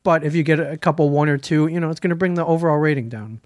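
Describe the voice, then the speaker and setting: A man co-hosting a casual chat, telling a story with halting restarts and reading aloud. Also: a little high, a little mellow, no room sound, clean studio sound. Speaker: podcast co-host.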